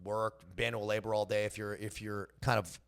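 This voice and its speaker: A young man with a Californian accent and a gravelly edge to his voice tells stories at an easy pace. He is casual and slangy, and laughs between stories. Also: lowish voice, level tone, fairly quick, a bit bright. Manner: laid-back slangy talk, lots of bro and dude, laughs often. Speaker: podcast guest. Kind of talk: casual storytelling interview.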